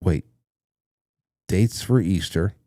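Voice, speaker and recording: A man's voice: low-pitched, slow, dark tone, no room sound, studio quality. A man hosting a casual livestream, reading viewer messages aloud and rambling through his thoughts with fillers and restarts. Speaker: talk show host reading chat messages.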